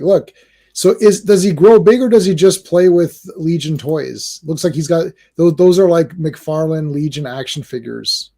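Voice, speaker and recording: A man's voice: on the high side, lively intonation, a little slow, vocal fry, warm tone. A man hosting a comics podcast in casual chat, rambling along while he reads, often stammering and repeating words as he thinks aloud.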